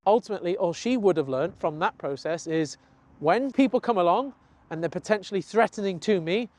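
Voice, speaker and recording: British dog trainer, young adult man, higher register, explains patiently, voices his dog's reactions. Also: animated, a little mellow, dry recording. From United Kingdom. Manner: earnest, explanatory, acts out his dog's thoughts in quick asides. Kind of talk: talking-head training lesson.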